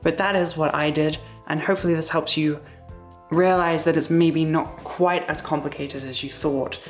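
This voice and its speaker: Chatty young woman with a low voice. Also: steady tone, normal speed, faint music behind. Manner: chatty, uses many fillers and little asides. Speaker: YouTuber. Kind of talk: casual vlog talk. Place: home.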